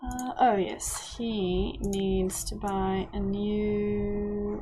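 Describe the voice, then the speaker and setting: A woman's voice: medium pitch, drawn-out words, darkish tone, husky, faint music behind, low-quality recording. A woman, chatting casually to her game characters as she plays. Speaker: let's play host. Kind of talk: casual gameplay commentary.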